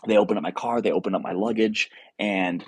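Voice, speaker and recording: A man's voice: on the low side, brisk, breathy edge, dry recording. A young man hosting a casual livestream, telling a rambling story full of fillers and restarts and reading viewer comments. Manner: reads viewer comments aloud. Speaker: livestream host.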